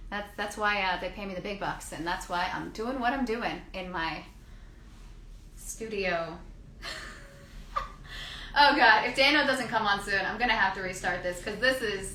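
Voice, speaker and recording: A woman's voice: medium pitch, sharp tone, roomy sound, a little hiss or hum. A Canadian woman hosting a live-stream chat from her home studio, rambling casually and joking at her own expense. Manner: chatty, self-mocking rambling. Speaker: host.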